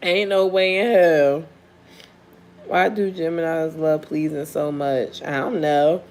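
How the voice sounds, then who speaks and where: A woman's voice: deep voice, fairly even intonation, slow, darkish tone. A woman who reads tarot, telling a story in casual chat with blunt, profane talk and frequent laughter. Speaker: tarot reader.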